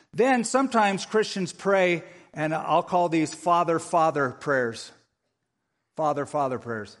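A man delivers a sermon from the pulpit, animated and humorous as he mimics how people pray. His voice sits slightly high for a man, and it rings out with the long reverb of a large sanctuary. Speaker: pastor. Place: church sanctuary.

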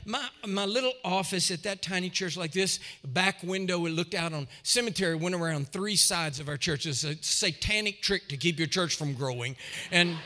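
A man's voice: sits high, pushed and bright. A middle-aged man and pastor telling a funny story in a sermon, acting out the people he quotes with big jumps in his voice.

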